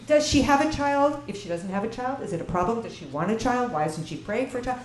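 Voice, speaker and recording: A woman's voice: on the high side, lively intonation, fast talker. A woman teaching a Bible class to an audience, asking them questions and reading verses in Hebrew before translating them. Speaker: lecturer. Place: lecture room with an audience. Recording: echoey room with faint ambient noise.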